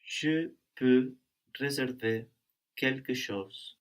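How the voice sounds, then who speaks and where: Guy learning a language, slow careful answers, bit hesitant. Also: medium pitch. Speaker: student.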